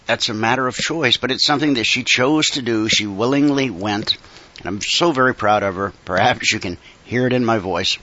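A man's voice: lowish voice, sharp tone, lo-fi sound. A middle-aged man hosting a casual monologue, folksy and wry, a little congested from a cold. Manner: conversational and folksy, with wry asides.

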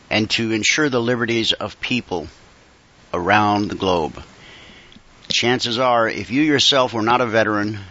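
Middle-aged man, low voice, bright tone, congested with a cold, folksy asides, dull recording. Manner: conversational and folksy, with wry asides. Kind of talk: casual monologue.

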